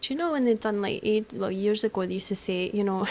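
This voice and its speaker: A woman co-hosting a podcast in casual chat, gentle and agreeable, chiming in with short reactions. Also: medium pitch, a little fast, a little hiss or hum.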